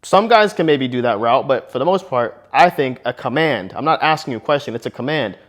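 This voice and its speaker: A man's voice: mid-range voice, expressive, a little fast. A young man, a married relationship vlogger, giving casual advice and telling a story, slangy and punchy, dropping bro and man.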